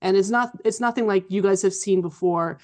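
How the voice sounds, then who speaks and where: A woman's voice: medium pitch, fairly quick, darkish tone. A woman narrating as game master of a tabletop role-playing game, chatty and loose, with fillers and restarts.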